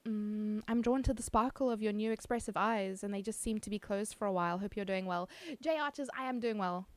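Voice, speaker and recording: A woman's voice: medium pitch, a little fast, no echo. A woman streaming live, chatting casually, reading chat aloud and laughing often.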